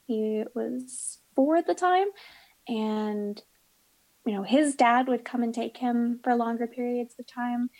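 Woman in her thirties, candid interview guest, slightly high voice, dry dark humor. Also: slow pace, low-quality recording. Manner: blunt, darkly humorous, acts out quoted voices. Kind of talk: candid personal storytelling.

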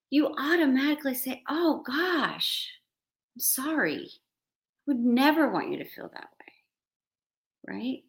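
A woman who counsels couples, giving earnest advice on a podcast in a slow, reflective way with light laughs. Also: a little high, pushed and bright. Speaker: podcast host and couples therapist.

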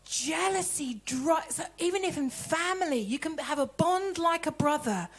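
High-voiced woman preaching. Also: normal speed. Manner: animated, laughing, acting out quoted voices. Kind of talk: sermon.

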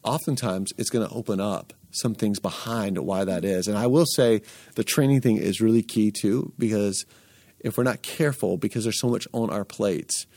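Earnest lower-voiced man host. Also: moderate pace, a little mellow, no echo. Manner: earnest, coaching tone, speaks in lists. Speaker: podcast host. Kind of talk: conversational interview.

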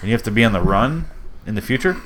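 A man's voice: on the low side, animated, racing, crowd noise, rough recording. A man in casual podcast chat, teasing and joking with the others. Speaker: podcast co-host.

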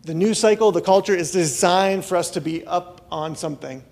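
Guy preaching a sermon, kinda high voice with lots of gravel, gets loud then drops to quiet. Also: moderate pace. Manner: acts out quoted voices, swings between loud and hushed. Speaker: pastor. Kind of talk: conversational sermon.

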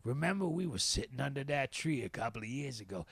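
A man putting on the voice of a calm, knowing older man who talks slowly in easygoing street slang. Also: mid-range voice, slightly rough, no echo. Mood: reassuring. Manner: slow, drawling, easygoing.

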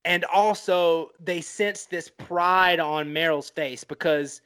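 This man co-hosts a casual film podcast, speaking slowly in a slightly high, somewhat bright voice with a clean tone. He rambles with lots of "like" and restarts, swearing now and then.

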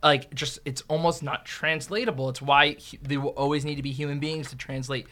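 Bright-toned man co-host; loose, rambling casual talk. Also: on the high side, fairly even intonation, brisk. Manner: rambling, self-interrupting. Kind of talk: casual chat.

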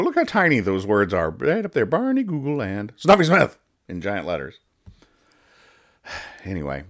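A young man with a low voice hosts a laid-back podcast, reading comic strips aloud. His pitch swings widely as he tells each one. He rambles, trips over his words and restarts while spelling out every joke. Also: a bit bright. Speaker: podcast host.

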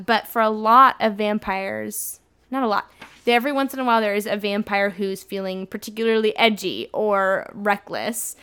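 A young woman co-hosting a casual chat, recapping a book and acting out the quotes with lively voices. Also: mid-range voice, clean tone. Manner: animated, acts out quotes in put-on voices. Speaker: podcast co-host recapping a book.

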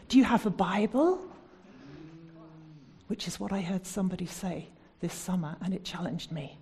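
Mellow husky woman preaching. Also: mid-range voice, normal speed. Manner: earnest, searching questions to the congregation; soft and prayerful when leading prayer. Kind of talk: sermon.

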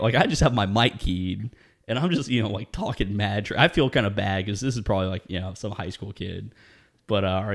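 A man casually telling a story in conversation, laid-back and profane, often breaking into laughter. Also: fairly low pitch.

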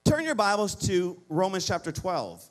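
A man's voice: sits high, big pitch swings, normal speed. A middle-aged man preaching a sermon as pastor, pleading with the congregation and calling for responses.

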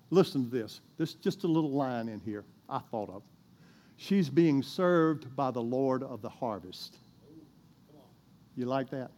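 A man's voice: medium pitch, darkish tone. A male pastor preaching a sermon, telling a bible story in a folksy way with chuckles and asides to the congregation.

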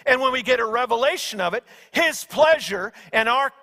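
A man's voice: extremely high pitch, normal speed. A man preaching a sermon, telling stories dramatically and raising his voice at key moments. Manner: animated storytelling, acting out angels with shouts. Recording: long hall reverb.

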